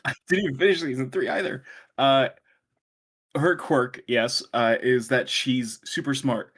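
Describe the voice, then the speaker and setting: A man's voice: medium pitch, fairly even intonation, measured pace, fairly bright tone. A man co-hosting a casual podcast, ranting in exasperation and laughing often. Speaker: podcast co-host. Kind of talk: casual chat.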